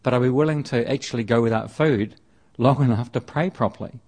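Man, preacher, conversational sermon, repeats and restarts phrases, mid pitch. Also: fairly quick, darkish tone, breathy edge. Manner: conversational, with frequent restarts and repetition.

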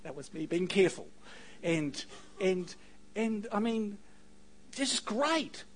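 A man preaching a sermon, telling stories with animated delivery and joking asides to the congregation. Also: sits high, poor audio. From New Zealand. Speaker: pastor.

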